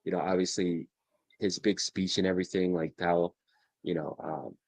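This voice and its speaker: Excitable, foul-mouthed man, low voice. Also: normal speed, dry recording. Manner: excitable, profane, laughs often. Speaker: podcast guest. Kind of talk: casual chat.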